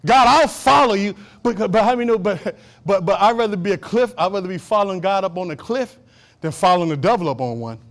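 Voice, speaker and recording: A male pastor with a notably high voice preaches to his congregation in a church. He repeats short calls to action and swings between loud, driving emphasis and quiet, low asides. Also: expressive, quick pace. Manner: preaching with rising and falling intensity, repeating short exhortations. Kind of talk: sermon.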